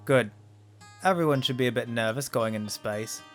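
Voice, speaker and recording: A man's voice: mid-range voice, normal speed, soft background music, lightly acted. A man reading the lines of a teasing veteran male flight coach from a space game, in a wry, plain voice.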